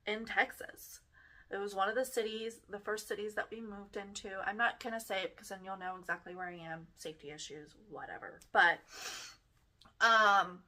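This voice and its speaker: A woman's voice: medium pitch, bright, forceful tone. A young woman from Germany, a native German speaker, hosting a podcast and telling her own story in a reflective, hesitant way with many fillers. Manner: reflective, hesitant, frequent fillers and self-corrections. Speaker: podcast host. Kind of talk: casual personal storytelling.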